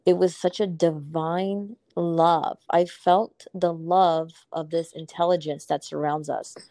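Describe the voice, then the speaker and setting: Low gravelly woman, effusive coach. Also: steady tone, slow pace, dark tone, no room sound. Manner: effusive, emphatic, swears casually. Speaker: purpose coach. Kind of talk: casual podcast conversation.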